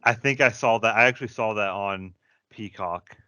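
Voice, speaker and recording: A man's voice: lowish voice, moderate pace, pushed and bright, no room sound. A man with a Midwestern American accent, co-hosting a podcast and telling long rambling fan stories. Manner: enthusiastic fan, rambling storyteller. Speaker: podcast co-host. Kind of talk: casual chat. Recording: dry, dull lo-fi podcast audio.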